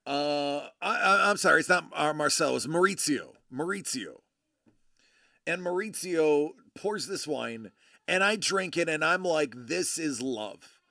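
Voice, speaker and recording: A man's voice: fairly high pitch, expressive, measured pace, gravelly, sharp tone, no room sound, clean studio sound. A male host chatting casually and enthusiastically while showing a wine bottle, rambling with many fillers and restarts. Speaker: host of a collecting channel.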